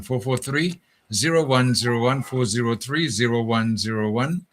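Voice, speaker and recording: A man hosting a casual call-in radio talk show, relaxed, laughing often and replying with quick agreement. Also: medium pitch, slight background noise. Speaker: radio host.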